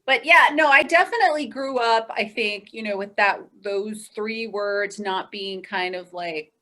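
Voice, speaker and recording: A woman's voice: mid-range voice, a little slow, sharp tone. A woman chatting casually on a panel show, cheerful and laughing between phrases. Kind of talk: casual group chat.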